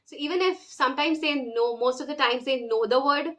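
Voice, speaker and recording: A woman teaching beginner French online, slowly repeating each phrase for learners to copy. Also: high-pitched, fairly bright tone. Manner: slow, drills phrases with repetition. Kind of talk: online language lesson.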